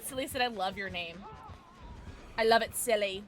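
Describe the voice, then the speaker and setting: A woman's voice: mid-range voice, moderate pace, soft background music. A young woman streaming a game from home, chatting casually with viewers in a bubbly, playful, slightly tipsy way, greeting new followers with little gasps. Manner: bubbly and animated, gasping and squealing at follows. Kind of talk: casual livestream chat with viewers.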